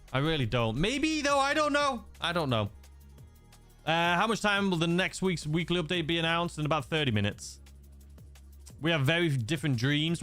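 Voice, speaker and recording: A man's voice: a little high, fairly bright tone. A young man from England with a mixed, slightly Scouse-leaning accent, chatting casually as a gaming livestream host, rambling with many fillers and restarts. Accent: mixed English, slightly Scouse-leaning. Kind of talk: casual livestream chat reading viewer messages.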